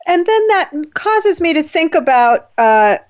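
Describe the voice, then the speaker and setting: Slow-speaking woman interviewer. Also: very high voice, big pitch swings, dull audio. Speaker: host. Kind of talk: interview questions.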